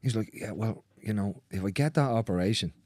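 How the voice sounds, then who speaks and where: A man's voice: on the low side, a little fast, darkish tone, no room sound, clean studio sound. A man working as a manual therapist, telling stories about clients in a casual conversation, blunt and swearing freely as he acts out what people said.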